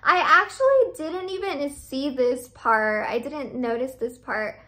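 Young woman vlogger with a high voice, gushing and effusive, casual unboxing chat. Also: animated, a little slow, bright, forceful tone. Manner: gushing, effusive, repeats praise words.

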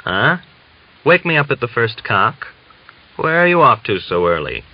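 A man's voice: medium pitch, big pitch swings, unhurried, pitched above the performer's own voice. A man voicing a fussy, easily alarmed old grandfather who grumbles and scolds, in a dull lo-fi audiobook recording. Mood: grumbling. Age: older.

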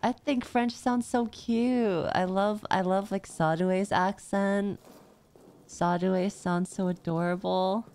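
Female streamer, playful gameplay chat, slow drawl. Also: medium pitch, clear, resonant tone. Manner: chatty, playful, excitable. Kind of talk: casual gameplay commentary.

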